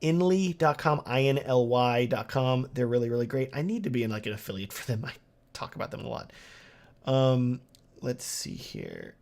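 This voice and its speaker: A man's voice: mid-range voice, big pitch swings, moderate pace, vocal fry, darkish tone. A man with a Texan accent chats through a casual livestream Q&A. He sounds upbeat and loose, leaning on "um" and "like" as he goes. His voice sits in an ordinary middle range. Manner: casual and upbeat, many fillers like "um" and "like". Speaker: wedding videographer hosting a livestream Q&A. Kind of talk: casual livestream chat answering viewer questions.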